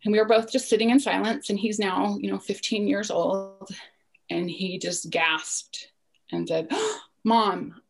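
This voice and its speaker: A woman's voice: mid-range voice, fairly even intonation, unhurried, creaky, poor audio. A woman in her forties, a podcast guest, telling a personal story in an earnest, reflective way that sometimes sinks to a near-whisper.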